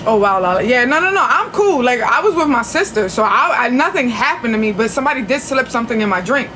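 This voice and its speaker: A woman's voice: on the high side, lively intonation, fast talker, a bit bright, a little hiss or hum. A woman telling a long story on a casual livestream, chatty and profane, with frequent restarts. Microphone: phone.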